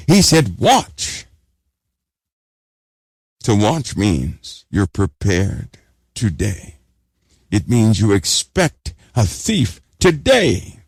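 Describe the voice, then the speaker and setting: A man's voice: lowish voice, creaky, no echo, clean studio sound. A man preaching an urgent sermon, exhorting listeners and repeating phrases for emphasis.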